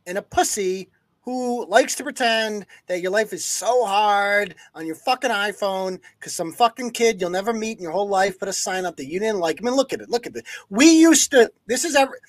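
A man's voice: high voice, expressive, fairly quick, no room sound. A man hosting a live news-commentary podcast, ranting with heavy profanity and sarcasm. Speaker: podcast host.

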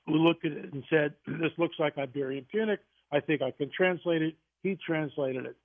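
A man, a guest author on a radio interview, telling stories in an animated way with quick restarts. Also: on the high side. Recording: tinny phone line.

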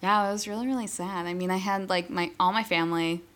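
A young woman from Buffalo, New York, talking haltingly in a casual chat with many fillers. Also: on the low side, steady tone. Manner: soft-spoken, halting, filler-heavy.

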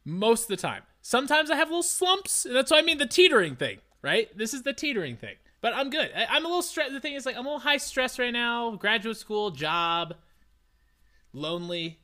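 Young man co-hosting a podcast, loud rants and self-mockery, bright tense tone, swinging pitch. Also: very animated, fairly quick. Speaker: podcast co-host. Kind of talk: casual podcast chat.

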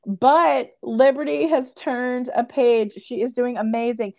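A young woman casually recapping a TV episode on a podcast, animated and acting out the characters' lines with lots of "like". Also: a little high, unhurried, creaky, dull audio. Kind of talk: casual chat.

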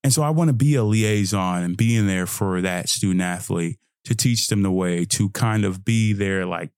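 A man's voice: fairly low pitch, moderate pace, few pauses, clear, resonant tone, dry recording, studio quality. A young man hosting a podcast, telling a story in casual, profane talk and acting out his own thoughts. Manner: animated, profane, acts out his own inner voice. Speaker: podcast host.

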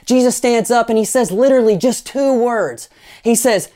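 A man with a high voice preaches fairly quickly in his role as pastor. Lively anecdotes and playful asides fill the sermon, and he has the congregation join in group actions.

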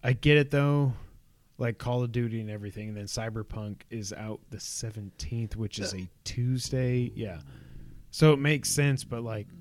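A man co-hosting a casual gaming podcast, joking around and laughing often, talking in quick bursts. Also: medium pitch. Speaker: podcast co-host.

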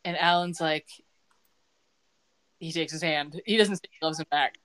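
A middle-aged woman with a deep, somewhat bright voice speaks at a moderate pace on her podcast. She casually recounts scenes from a TV episode and quotes the characters' lines.

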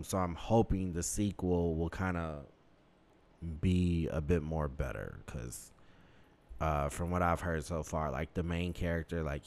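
A man's voice: rumbling low, darkish tone. A man chatting casually on a podcast, laid-back and profane, with trailing fillers. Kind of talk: casual chat.

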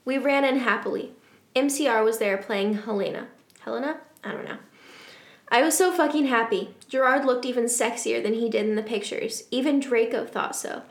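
A woman's voice: a little high, moderate pace. A woman podcast host reading fan fiction aloud for laughs, with amused asides. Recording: roomy echo.

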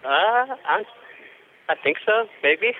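A man's voice: on the high side, lively intonation, slow, breathy edge. Hesitant man on a tinny phone line. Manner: hesitant, unsure, many fillers. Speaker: phone call recipient.

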